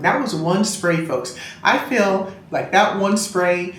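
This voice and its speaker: A woman's voice: on the low side, animated, slow, slight background noise. A woman reviewing a fragrance in casual chat, a gushing and chatty storyteller talking from a room at home. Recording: roomy room echo.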